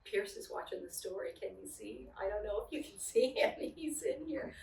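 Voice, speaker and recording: A middle-aged woman reading children's stories aloud with gentle expression, sometimes chatting warmly to a child beside her. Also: mid-range voice, animated, moderate pace, gravelly, slight background noise. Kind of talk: children's story read-aloud. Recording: echoey room, mic at a distance.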